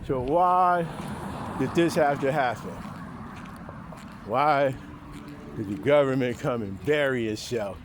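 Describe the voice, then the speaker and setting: A man talking to camera in a profane, rambling monologue, often chuckling to himself. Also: a little hiss or hum. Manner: profane, rambling, laughing to himself, mocking high voice for quotes. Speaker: vlogger.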